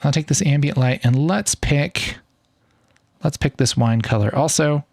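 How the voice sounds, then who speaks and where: A man in his thirties walking through a software tutorial in a casual, upbeat and enthusiastic way. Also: a little high, unhurried, creaky, no echo, clean studio sound. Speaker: video editing tutor. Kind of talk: casual screen-recorded tutorial.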